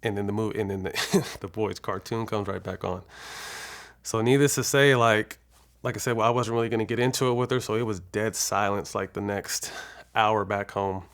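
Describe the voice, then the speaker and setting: Gravelly low-voiced man telling a story. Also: steady tone, moderate pace, fairly bright tone. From California. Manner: casual, profane, laid-back storytelling with fillers. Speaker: interview guest, former basketball player. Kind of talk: candid storytelling interview.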